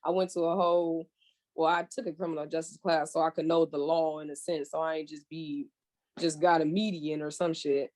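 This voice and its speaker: Lively young woman from California telling a story. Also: low-pitched, a little fast. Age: young adult. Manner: animated storyteller, swears freely, acts out her own past remarks. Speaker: podcast guest. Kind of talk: casual chat.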